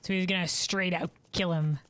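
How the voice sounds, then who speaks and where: A woman's voice: moderate pace, no room sound. Chatty woman streamer. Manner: chatty, laughs often, jumps up in pitch when excited. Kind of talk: casual game commentary.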